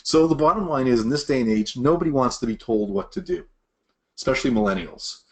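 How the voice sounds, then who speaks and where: A middle-aged sales leadership trainer leads a presentation-style master class for sales managers, speaking at medium pitch and a little fast. He's animated, acting out the lines of quoted bosses and reps.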